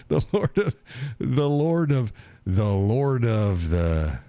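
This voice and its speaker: A man's voice: medium pitch, mellow, dry recording. A man in his sixties hosting a live stream, tired, crude and rambling as he reads chat aloud and laughs often.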